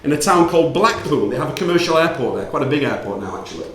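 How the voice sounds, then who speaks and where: A man telling a personal story to an audience, playful and animated, acting out the dialogue. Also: fairly high pitch, quick pace. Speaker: speaker giving a talk. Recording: roomy hall reverb.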